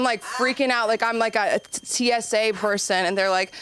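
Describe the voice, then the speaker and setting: A young woman doing open mic stand-up, rambling and self-deprecating, acting out quoted voices with sudden jumps up in pitch. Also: little pitch movement, normal speed, few pauses, fairly bright tone, a little hiss or hum. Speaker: stand-up comedian.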